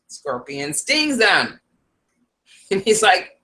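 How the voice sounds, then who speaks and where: A woman's voice: fairly low pitch, very animated, takes it slowly, pauses often, pushed and bright. A woman psychic advisor talking to her viewers in a casual, rambling vlog, laughing often.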